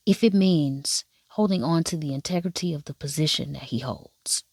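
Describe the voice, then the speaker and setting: A sassy woman riffing on a drama in casual, profane commentary. Her voice sits on the low side, and the recording is close and dry with no room sound. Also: lively intonation, unhurried, breathy edge, no echo. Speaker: drama reviewer. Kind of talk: casual watch-along commentary.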